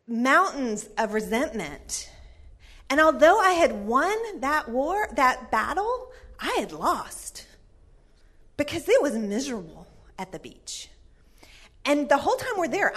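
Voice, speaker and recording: Middle-aged woman, high and expressive, animated church-class storyteller. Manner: chatty, animated, laughs often. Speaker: church parenting class speaker. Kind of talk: storytelling talk.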